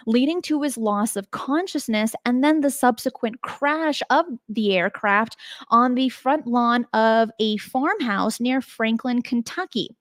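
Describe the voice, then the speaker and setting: Woman host, kinda high voice, chatty and emphatic, asks you stuff, dry close mic. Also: no room sound. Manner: chatty and emphatic, asks the listener rhetorical questions. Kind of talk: casual spoken narration of paranormal cases.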